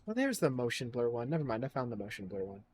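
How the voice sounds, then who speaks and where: A man's voice: mid-range voice, sing-song, quick pace, a little mellow, a little hiss or hum. A man streaming a game live, thinking aloud in a sarcastic, profane, casual way. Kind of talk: casual live gameplay commentary.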